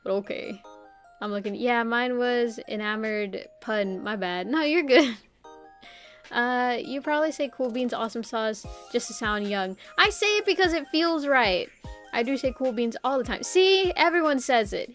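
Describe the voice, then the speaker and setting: A woman's voice: fairly high pitch, expressive, moderate pace, fairly bright tone, soft background music. A young woman streamer chatting casually and rambling, with lots of "like" and frequent laughs. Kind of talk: casual live-stream chat.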